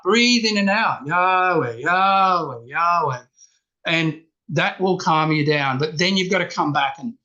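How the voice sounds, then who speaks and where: A man's voice: fairly high pitch, pushed and bright, highs cut off. A man giving an earnest coaching talk to a men's group, repeating his key points. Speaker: speaker at a men's workshop. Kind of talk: talk with slides, then group discussion.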